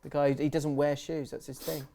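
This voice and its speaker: A young man, co-hosting a casual football podcast, telling stories with quick sweary asides. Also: a little high, vocal fry. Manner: animated storytelling, laughs, quick sweary asides. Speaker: podcast co-host.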